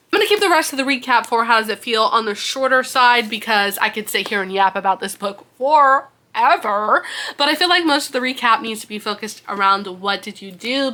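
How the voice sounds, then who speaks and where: Young woman, bright voice, higher pitch, animated casual book recap, acts out character lines. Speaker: booktuber recapping a book series.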